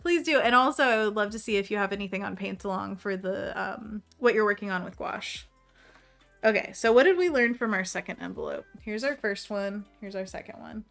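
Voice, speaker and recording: Female stream host, mid-pitched, casual and chatty, talks to herself as she paints. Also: fairly quick, vocal fry, fairly bright tone, faint music behind. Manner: chatty, reads chat aloud, laughs often; talks to herself while working. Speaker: livestream host painting envelopes. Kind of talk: casual livestream chat while painting.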